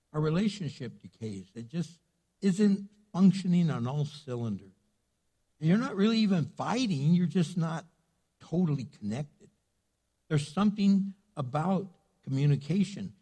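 A middle-aged man preaches a sermon in a fairly high voice. He is lively and theatrical, slipping into the voices of the people he quotes and building to loud, emphatic peaks. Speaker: pastor.

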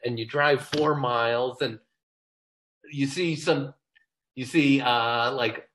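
A man's voice: medium pitch, a bit bright, low-quality recording. An older man, a comedy writer as an interview guest, telling self-deprecating stories in casual chat. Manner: self-deprecating, joking storyteller.

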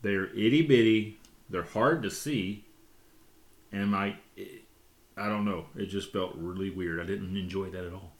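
A middle-aged man from Texas co-hosting a casual family podcast, an animated storyteller who laughs often. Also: low-pitched, measured pace. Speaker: podcast co-host.

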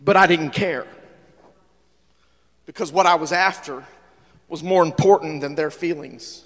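A man preaching a sermon as pastor, in an animated style that swings from hushed to loud. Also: on the high side, unhurried, in a large hall. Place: church sanctuary.

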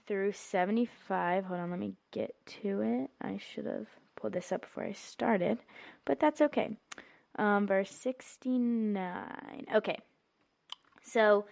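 Woman, podcast host, casual faith talk, earnest, filler-heavy, mid pitch. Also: creaky.

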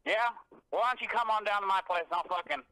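Angry male caller, rapid threatening rant, bright tense voice, heavy cursing, dry sound. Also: high-pitched, clean tone, dry recording, rough recording. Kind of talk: profane phone rant.

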